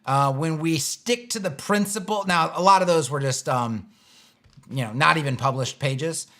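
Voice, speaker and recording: A man hosts a live web design Q&A from his chair, rambling through answers with wry exasperation. His voice sits high and carries a gravelly, bright edge. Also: normal speed. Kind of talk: casual live-stream Q&A. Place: home studio, seated in a chair.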